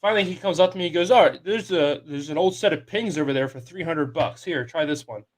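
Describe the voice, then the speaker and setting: A man's voice: fairly high pitch, fast talker. A young man co-hosting a sports podcast, telling a long story in a loose, casual way and quoting the people in it. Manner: animated storyteller, quotes people in his story. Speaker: podcast co-host.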